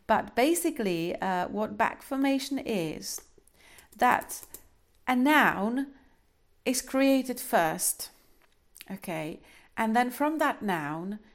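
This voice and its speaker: A woman giving a classroom lecture, explaining step by step with many fillers and a frequent checking "okay?". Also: on the high side. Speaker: linguistics lecturer.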